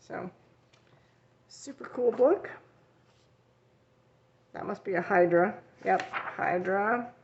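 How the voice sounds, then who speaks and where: A woman's voice: mid-range voice, takes it slowly, gravelly, long pauses, dull audio, slight background noise. A woman who teaches art, chatting casually and rambling a bit as she shows her finished coloring pages in a vlog. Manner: chatty and rambling, with frequent fillers and self-corrections. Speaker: coloring channel host. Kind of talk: casual show-and-tell vlog.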